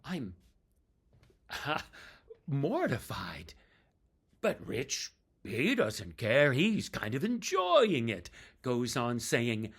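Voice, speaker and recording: A man telling a tribute story about a fellow performer, with slow pauses. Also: medium pitch, huge pitch swings, slightly rough.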